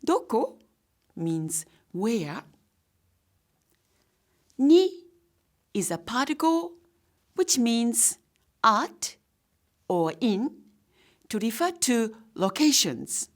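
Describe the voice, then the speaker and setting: Casting: middle-aged woman teacher, unhurried, pitch rising and falling a lot as she explains. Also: very animated. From Japan. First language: Japanese. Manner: slow, deliberate, explaining each word. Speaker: language teacher. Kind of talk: scripted lesson narration.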